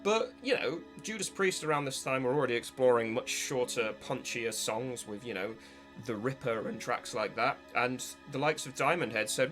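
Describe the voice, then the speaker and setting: A man talks through a long commentary piece at a middling pitch. He speaks in a discursive, analytical way, stringing ideas together with frequent fillers and restarts. A little music sits quietly in the background. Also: animated, normal speed. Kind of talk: spoken video essay.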